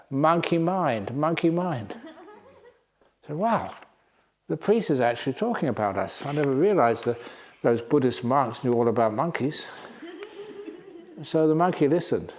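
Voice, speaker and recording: A man's voice: medium pitch, darkish tone. A man, a Buddhist monk teacher, giving a humorous Dharma talk in a playful storytelling manner. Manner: playful, storytelling, chuckling often.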